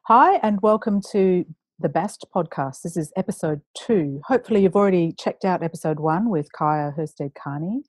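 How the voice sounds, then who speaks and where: A woman's voice: lowish voice, expressive, normal speed, darkish tone, dry recording. A woman hosting a podcast, introducing her guest in an upbeat, chatty way. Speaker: podcast host. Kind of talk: casual podcast interview.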